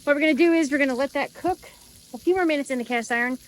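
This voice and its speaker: A woman's voice: sits high, very fast, poor audio. A woman hosting a casual cooking vlog outdoors, chatting and thinking aloud as she cooks. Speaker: cooking vlogger. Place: outdoors by a camper.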